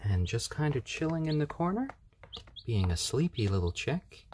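Calm, soothing man with a low voice. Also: a little slow, noisy background. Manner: calm, soothing, gentle baby talk to chicks. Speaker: live-stream host. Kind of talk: casual live-stream chat. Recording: chirping baby chicks behind.

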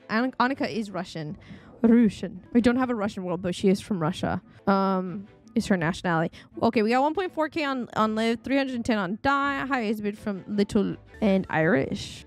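Woman, thirties, gaming streamer, casual rambling commentary, talks to chat, faint music behind. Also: a little high. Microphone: desk microphone.

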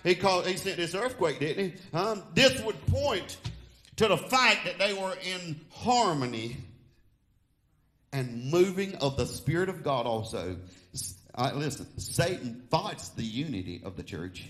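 A man's voice: a little high, fairly bright tone. A male pastor preaching fervently in church, often calling out "Huh?" to the congregation. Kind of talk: sermon.

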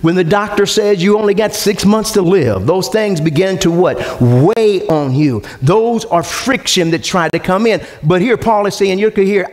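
A pastor with a high voice preaches to his congregation. He calls out questions for them to answer and climbs to loud shouts. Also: normal speed, hardly any pauses. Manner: call-and-response preaching, rising to shouts. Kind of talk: sermon. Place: church sanctuary with congregation.

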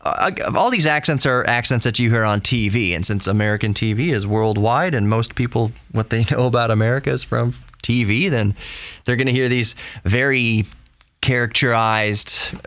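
A chatty man from Texas hosts his own podcast, wandering off on tangents and poking fun at himself. His voice sits at an ordinary middle pitch, and the recording is close and completely dry. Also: normal speed, a bit bright, no room sound. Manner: chatty, rambling, self-deprecating. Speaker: podcast host. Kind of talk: casual solo podcast monologue.

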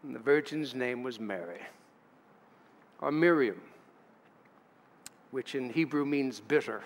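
Pastor preaching in a reverberant church. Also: male voice, mid-range voice, animated, slow. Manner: conversational preaching with asides to the congregation. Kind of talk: sermon. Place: church sanctuary. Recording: church livestream with long hall reverb.

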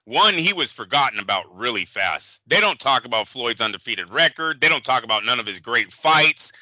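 A man's voice: medium pitch, expressive, normal speed, sharp tone, no echo, low-quality recording. A man co-hosting a boxing chat show, ranting with lots of swearing and mocking others in put-on voices. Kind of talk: casual podcast chat.

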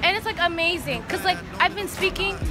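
A woman's voice: extremely high pitch, a little fast. A young woman vlogging casually while walking outdoors, chatty with constant filler words and free swearing, filmed on a handheld phone. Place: outdoors on a busy city street. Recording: loud street crowd and music behind.

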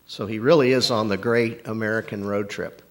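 A man's voice: lowish voice, fairly even intonation, moderate pace. A man introducing a guest speaker to an audience in a plain, matter-of-fact way. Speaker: event host introducing the speaker. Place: campus auditorium.

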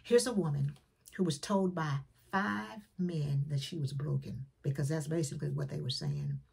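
A woman preacher delivers a sermon in a husky, very breathy voice that sits a little low. She talks in plain, everyday words and moves between emphatic calls and hushed, whispered lines. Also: big pitch swings, moderate pace. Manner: plain colloquial phrasing.

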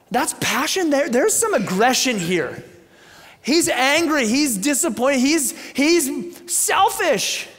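A male pastor preaching in a church sanctuary, telling a story with lively swings in his voice and casual asides to his listeners. His fairly high voice carries a long church reverb. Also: a little slow. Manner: animated storytelling, conversational asides. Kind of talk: sermon.

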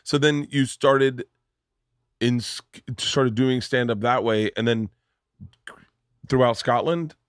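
Slow-talking male podcast host. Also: mid-range voice, fairly even intonation, no room sound, studio quality. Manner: brief questions and backchannel. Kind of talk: casual podcast chat.

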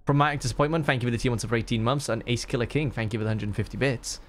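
A man's voice: medium pitch, very fast, a little hiss or hum. A young man streaming a game, chatting casually, joking and thanking viewers. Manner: playful, reads out subs and jokes around. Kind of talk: casual live-stream chat.

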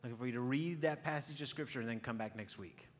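A man preaching a sermon to a congregation, animated, swinging from loud exclaiming to quiet near-whispers, often repeating words as he starts a phrase. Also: mid-range voice, quick pace. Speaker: pastor. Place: church hall before a congregation.

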